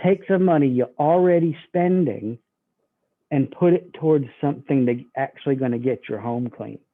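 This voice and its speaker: Folksy man, tinny phone-like sound. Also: moderate pace. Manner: folksy, animated, acts out customer pitch. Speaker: sales trainer. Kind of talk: sales training demonstration.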